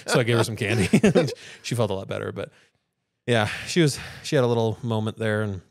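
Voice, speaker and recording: A man's voice: on the low side, expressive, a little fast, creaky, no echo, clean studio sound. A father co-hosting a podcast in casual chat, rambling through stories and acting out what people said. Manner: rambling storyteller who acts out quotes in other voices.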